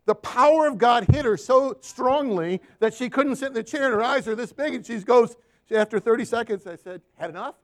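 His pitch is extremely high and his pace fairly quick. The man is preaching, animatedly sharing counseling anecdotes and drawing amens from the congregation in call-and-response.

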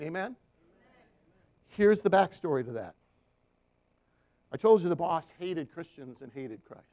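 High-voiced man preaching a sermon. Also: animated, measured pace, pauses often, dark tone. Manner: storytelling, asks the room for "Amen?". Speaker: Christian counselor and guest preacher. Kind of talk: sermon with slides.

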